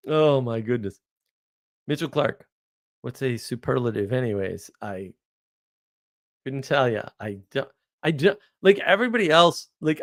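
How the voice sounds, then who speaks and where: Male host, 40s, from the US; rambling sarcastic monologue, mid-pitched, animated storytelling. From United States. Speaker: podcast host.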